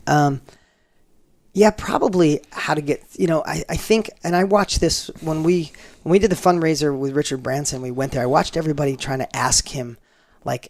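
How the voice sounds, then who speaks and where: A man telling stories as a guest in a casual interview, animated and prone to digressions. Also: a little high, normal speed, gravelly.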